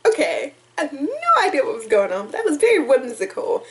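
A young woman rambles through her thoughts in an excitable, emotional way, her voice sitting a little high. She is talking to a home camera mic in a room at home. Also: brisk. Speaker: YouTube reaction vlogger. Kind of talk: casual reaction chat.

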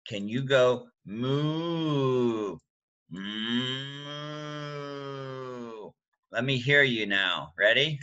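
Slow, lively older grandpa reading aloud. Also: male voice, mid-range voice, muffled recording. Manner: slow, animated, coaxing, makes animal sounds. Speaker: grandfather reading a bedtime story. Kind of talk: reading a picture book aloud to children.

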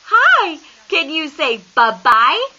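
A woman coos at her baby at home in a very high, lively sing-song voice, drawing her words out slowly. Her bright tone breaks into laughter now and then. The lo-fi home camcorder audio sounds muffled and has faint noise underneath. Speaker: parent filming her baby. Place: home, indoors. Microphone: handheld camera.

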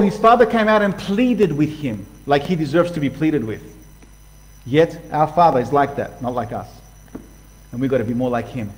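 A middle-aged man preaching a sermon in a lively, conversational way, reading scripture aloud and breaking in with his own comments. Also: on the high side, poor audio.

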